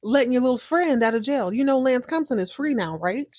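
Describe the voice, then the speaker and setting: Animated, slangy woman recapping a soap. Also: high-pitched, fairly quick, no room sound, clean studio sound. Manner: animated, slangy, laughing storyteller. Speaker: podcast host. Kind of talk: casual soap opera recap.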